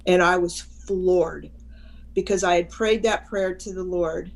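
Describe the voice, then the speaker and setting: Give me an older woman in an interview, recounting her past with lively energy and halting restarts. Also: lowish voice, low-quality recording. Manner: animated storyteller, acts out quoted voices, frequent restarts. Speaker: guest chaplain. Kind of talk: personal storytelling in an interview.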